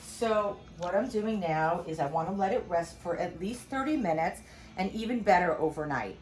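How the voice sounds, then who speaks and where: A woman's voice: lowish voice, expressive, moderate pace, a little mellow. A middle-aged woman chef giving a casual home cooking demonstration, chatty and rambling, full of asides. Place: home kitchen.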